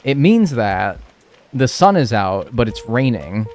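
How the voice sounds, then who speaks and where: Animated, swearing young male streamer. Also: mid-range voice, a little slow, faint music behind. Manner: animated, swears freely, rambling. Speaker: video game streamer. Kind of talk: casual stream chat while playing.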